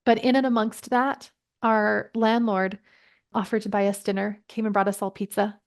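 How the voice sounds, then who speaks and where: A woman's voice: mid-range voice, level tone. Earnest woman telling a personal story. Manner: earnest, reflective, quick asides. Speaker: podcast guest, parenting coach. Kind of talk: conversational storytelling.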